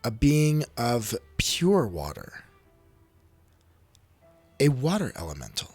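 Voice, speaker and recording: Man, game master, lively narration, dry close sound, faint music behind. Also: medium pitch, slow, husky, no echo. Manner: animated, dramatic narration.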